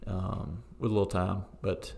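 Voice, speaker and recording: Deep gravelly-voiced man talking football. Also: normal speed. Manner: relaxed, opinionated, frequent fillers. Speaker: co-host of a football podcast. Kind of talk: casual sports chat.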